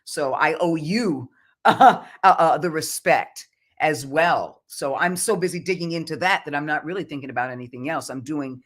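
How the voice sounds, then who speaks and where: A woman's voice: deep voice, moderate pace. A woman voice actor, guest on a podcast interview, talking about her work in an earnest, reflective way. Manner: earnest, reflective, speaks of faith.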